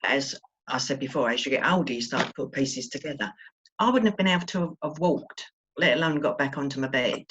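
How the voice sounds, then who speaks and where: A woman's voice: very deep voice, brisk, fairly bright tone, slight background noise. A woman telling her own stories in a chatty way, laughing easily. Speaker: guest sharing personal experiences. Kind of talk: casual storytelling. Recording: dull lo-fi audio.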